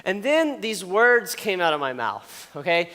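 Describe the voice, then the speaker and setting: High-voiced young man preaching to teens. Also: sing-song, measured pace, bright, forceful tone. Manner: storytelling, joking, often checks in with "okay?". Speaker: youth pastor. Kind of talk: casual youth sermon. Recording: long hall reverb.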